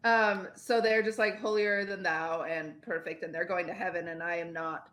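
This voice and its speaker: A woman in her twenties chatting on a podcast, telling stories in an animated way and swearing freely. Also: lowish voice, normal speed. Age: 20s. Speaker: streamer guest. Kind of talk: casual podcast chat. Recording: roomy echoey recording.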